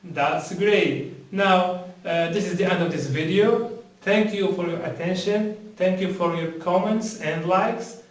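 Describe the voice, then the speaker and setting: A man teaching English, explaining slowly and deliberately, repeating words and quizzing the viewer. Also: sits high, recorded from a distance. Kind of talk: slow, deliberate classroom explanation. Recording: very echoey room, off-mic.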